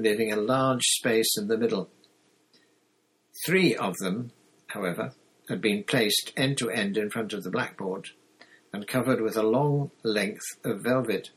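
A man reading a novel aloud in a steady narrating manner, with occasional slips and restarts. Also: lowish voice, slightly rough, poor audio. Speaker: audiobook reader. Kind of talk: storybook narration.

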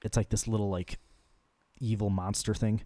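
A man's voice: lowish voice, level tone, moderate pace, dark tone, no room sound, studio quality. A young man in casual podcast chat, rambling and swearing freely with a joking manner. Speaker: podcast co-host.

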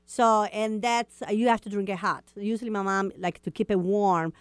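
A woman's voice: medium pitch, fairly even intonation, normal speed, no echo. Italian-accented woman chatting on radio. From Italy. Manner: broken English, laughs often. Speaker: guest cook. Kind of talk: casual on-air chat.

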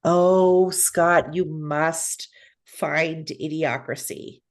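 Deep-voiced female podcast co-host, easygoing rambling chat. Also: fairly even intonation, drawn-out words. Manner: attentive listener, rambling summaries. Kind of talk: casual chat.

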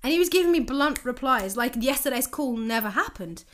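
A young woman telling a dating story and giving advice, acting out both sides of the conversations in a lively, candid way. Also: sits high, fairly quick. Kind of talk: casual storytelling monologue.

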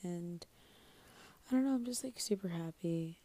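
A woman's voice: on the low side, normal speed, warm tone. Sleepy, rambling young woman podcaster. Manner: scatterbrained, sleepy, self-mocking, swears casually. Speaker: podcast host. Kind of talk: rambling solo podcast chat.

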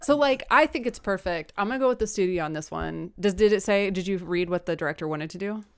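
A woman's voice: mid-range voice, fast talker, clean tone. A woman co-hosting a casual chat, emotional and chiming in with her own opinions.

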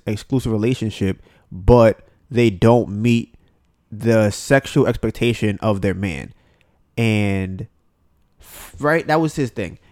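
A man's voice: on the low side, darkish tone. A man hosting a casual podcast, talking bluntly with plenty of swearing and often acting out what other people said. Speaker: podcast host.

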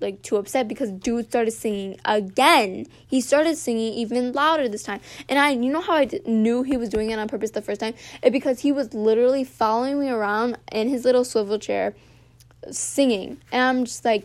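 A woman's voice: on the high side, normal speed. Chatty teenage girl telling a story. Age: teens. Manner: animated, heavy use of "like", swears freely. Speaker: podcast host. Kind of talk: casual storytelling rant.

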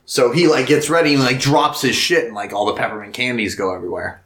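A man co-hosting a casual film podcast, retelling scenes with lively put-on quotes. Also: fast, reverberant. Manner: animated retelling with high-pitched put-on quotes, laughs and swears. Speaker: podcast co-host.

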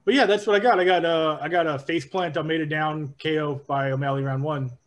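A man's voice: a little high, fairly even intonation, fairly quick, low-quality recording. A man talking casually about fight picks, rambling with many ums, restarts and laughs. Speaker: podcast co-host, called Director. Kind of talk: casual MMA picks chat.

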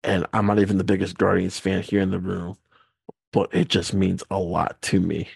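A man's voice: sits low, completely flat delivery, moderate pace, vocal fry, slightly rough, dry recording. A man hosting a casual podcast, steering the talk in a laid-back, easygoing way. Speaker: podcast host.

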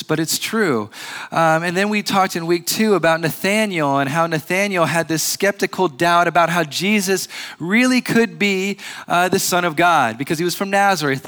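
A man preaching a sermon as pastor, earnest and measured, pausing and restarting often. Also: on the high side, fairly bright tone. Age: adult with a grandfather recently passed.

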